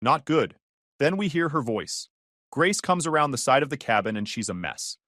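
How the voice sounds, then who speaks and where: A man tells his own story with dry, sardonic timing. His voice ranges widely in pitch at a middle register. It sounds close to the mic in a dead, dry space. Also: big pitch swings, moderate pace, a bit bright, no room sound. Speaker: narrator. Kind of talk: first-person story narration.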